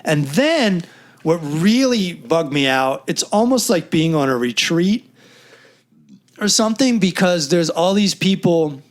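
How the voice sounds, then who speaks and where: This man's pitch runs on the high side and he keeps a measured pace. Co-hosting a podcast, the New Yorker chats casually, telling animated stories, performing quotes, and swearing without restraint.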